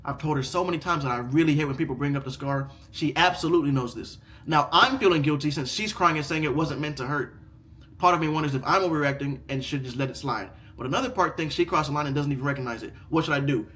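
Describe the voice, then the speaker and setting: Excitable young man ranting in reaction. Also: brisk. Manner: excitable, repeats himself, swears freely, swings from loud outbursts to low mutters. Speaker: host reacting to online stories. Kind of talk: casual reaction commentary and reading aloud.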